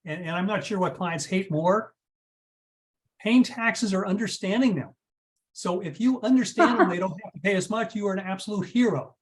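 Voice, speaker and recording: A man's voice: high voice, moderate pace. A man giving expert answers on a video call, hesitant, restarting sentences often. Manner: hesitant, lots of restarts and uh's. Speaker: guest advisor.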